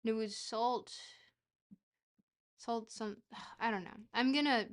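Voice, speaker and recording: Playing a geography guessing game on stream, a woman with a fairly high voice speaks at a slow pace. She rambles casually and pokes fun at herself, occasionally shouting with excitement.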